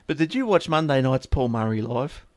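A man's voice: mid-range voice, big pitch swings, moderate pace, darkish tone, no room sound, studio quality. A man co-hosting a casual tech podcast, joking, laughing often and reading news items aloud. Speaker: podcast co-host.

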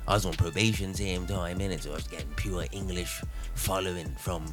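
A man's voice: deep voice, fairly even intonation, a little fast, music in the background. A man from Bermuda, a guest artist, telling his story in a casual chat, loose and rambling, with lots of "innit" and "you know what I'm saying".

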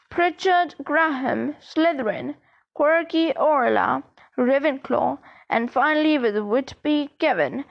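A woman narrating a children's novel as an audiobook reader, reading slowly and evenly. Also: high-pitched, vocal fry. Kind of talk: storybook narration. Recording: dull lo-fi recording.

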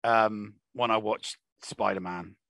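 A man's voice: fairly low pitch, steady tone, slow pace, vocal fry, a bit bright, no room sound. A man co-hosting a casual podcast chat, stammering through many false starts and repeated words. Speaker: podcast co-host.

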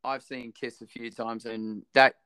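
A man's voice: mid-range voice, flat delivery, a little slow, a bit bright, clear, resonant tone, no room sound. A man hosting a casual music interview, enthusiastic and effusive with lots of praise. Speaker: interviewer host.

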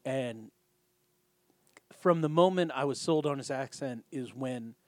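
A man talking through a show recap in a loose, casual way, swearing freely as he goes. His voice sits at an ordinary middle pitch. It is recorded close and dry, with no room sound. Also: unhurried, darkish tone, dry recording. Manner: swears freely, acts out scene dialogue. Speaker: podcast co-host.

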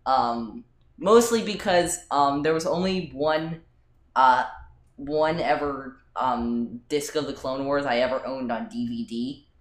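A man's voice: medium pitch, takes it slowly. Hesitant man chatting in a roomy space. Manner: hesitant, many ums and restarts. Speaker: podcast co-host. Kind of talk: casual chat. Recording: roomy echo.

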